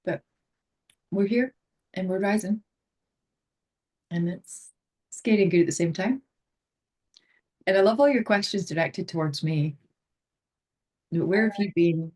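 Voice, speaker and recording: A woman's voice: lowish voice, measured pace, pauses often, darkish tone. A woman co-hosting a podcast, speaking in an earnest, candid way. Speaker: podcast co-host. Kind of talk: casual conversational podcast chat.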